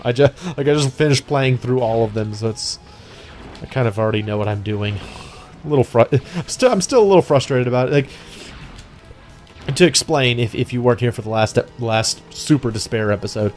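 Chatty young man narrating gameplay. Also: medium pitch. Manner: chatty, excitable, many restarts and fillers. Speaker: let's play host. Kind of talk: casual gameplay commentary.

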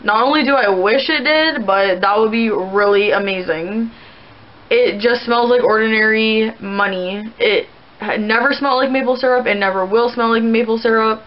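A woman's voice: on the high side, normal speed, highs cut off. A young woman vlogging casually, rambling through viewer questions with lots of "like" fillers. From Canada. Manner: rambling, chatty, many "like" fillers. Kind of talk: casual chat to camera.

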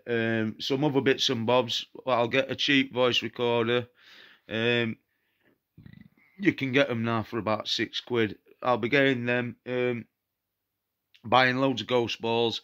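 Man, Nottinghamshire accent, paranormal vlogger, angry rant to camera, blunt, defiant, repetitive, mid-pitched voice. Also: bright, forceful tone. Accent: Nottinghamshire English. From England.

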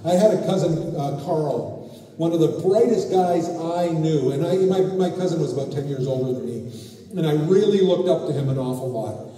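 A man's voice: on the high side, normal speed, warm tone, far from the mic. Man telling a story from afar in an echoey hall. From Canada. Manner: storytelling, frequent uh fillers. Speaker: pastor. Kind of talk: sermon testimony.

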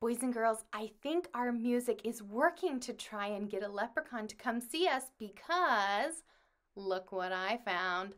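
A woman's voice: fairly high pitch, big pitch swings, slow. A woman music teacher leading young children through a clapping lesson online, speaking the rhythm syllables and singing along with them. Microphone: computer mic at a desk.

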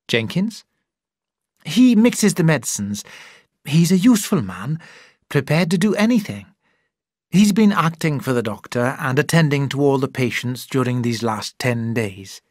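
A man voicing a brisk, falsely cheerful middle-aged woman, the doctor's sister, in a storybook reading. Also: medium pitch, a little mellow, dry recording, clean studio sound.

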